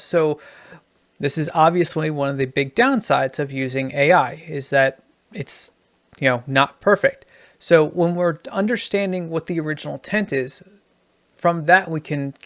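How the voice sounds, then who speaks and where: A man's voice: on the high side, a bit bright, dry recording, studio quality. A man teaching writing techniques in a loose, explanatory way, with restarts as he goes. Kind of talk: writing tutorial.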